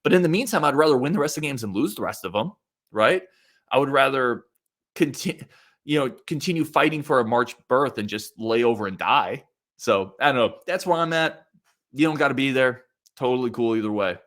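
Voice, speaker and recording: A man's voice: mid-range voice, expressive, brisk, fairly bright tone. A man hosting a sports podcast on his own, talking casually and with strong opinions and reading out listener comments, often restarting his sentences. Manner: conversational, opinionated, many restarts and fillers. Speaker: podcast host.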